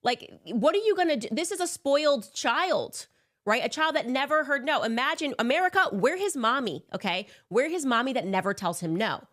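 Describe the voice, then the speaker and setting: A woman delivering opinionated political commentary in a sarcastic, animated way. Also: sits high, normal speed. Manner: sarcastic, animated, mocks with put-on voices.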